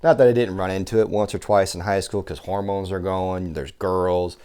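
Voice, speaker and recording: A man, a survival instructor guesting on a podcast, telling casual stories from his youth in an animated way, swearing freely and acting out the people he quotes. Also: deep voice, moderate pace, smooth. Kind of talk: casual storytelling chat.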